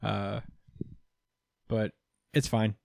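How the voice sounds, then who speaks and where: A man co-hosting a casual manga review podcast, relaxed and full of fillers, recapping with playful quoted voices. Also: on the low side, very slow, creaky, no room sound, clean studio sound. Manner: relaxed, many fillers, acts out characters in quotes. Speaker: podcast co-host.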